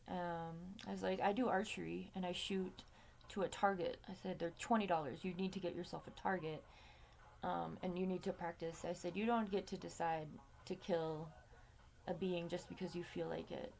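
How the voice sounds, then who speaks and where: A woman's voice: fairly low pitch, fairly even intonation, normal speed, creaky, darkish tone, a little hiss or hum. A woman telling a story to her camera in a casual, chatty way, swearing freely and laughing between lines. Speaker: vlogger.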